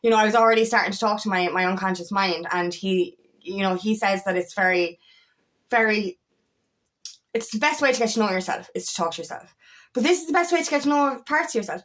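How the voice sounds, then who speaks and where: A woman's voice: mid-range voice, brisk. A woman with an Irish accent, an empowerment coach giving a casual motivational talk, emphatic and swearing freely.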